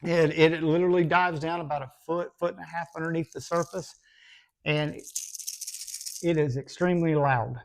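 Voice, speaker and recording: A man's voice: a little high, fairly even intonation, moderate pace, vocal fry. A man giving a casual, folksy fishing lesson, talking in a rambling way with lots of fillers and restarts. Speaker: bass fishing instructor. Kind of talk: casual instructional talk.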